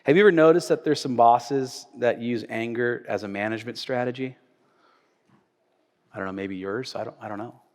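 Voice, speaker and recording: A male pastor preaching a sermon in a church sanctuary, conversational, swinging from loud emphasis to quiet asides. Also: medium pitch, moderate pace. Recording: echoey church hall.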